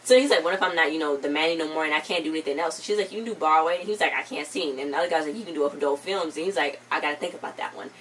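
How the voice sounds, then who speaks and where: A woman co-hosting a casual TV recap chat, retelling scenes in an animated way and voicing the characters' lines. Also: deep voice, very fast, few pauses. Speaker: co-host reviewing a TV episode. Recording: distant mic with faint background noise.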